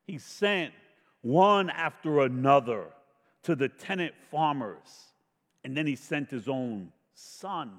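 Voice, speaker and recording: A man preaching with a fairly high voice, slow and emphatic, rising into loud questions and sinking to near whispers. His words ring out with a long reverb, as in a large church hall. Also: expressive. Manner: slow, emphatic preaching with dramatic swells and hushed drops. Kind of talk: sermon.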